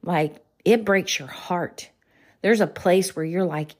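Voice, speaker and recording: A middle-aged woman coaches business owners in a faith-based talk with a slightly low voice. She preaches earnestly, repeating pointed questions and pausing for emphasis.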